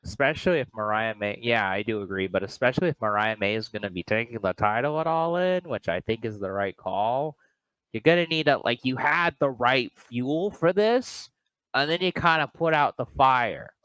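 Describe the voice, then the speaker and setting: A man co-hosting a casual wrestling review chat, animated and quick to mimic others. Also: mid-range voice, smooth, no room sound. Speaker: podcast co-host.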